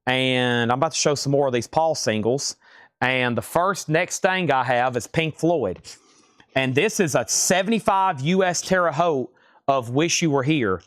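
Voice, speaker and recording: A man's voice: fairly high pitch, no echo, studio quality. A man hosting a live record sale, rattling off prices and catalog numbers while he has the hiccups. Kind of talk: live-stream auction selling.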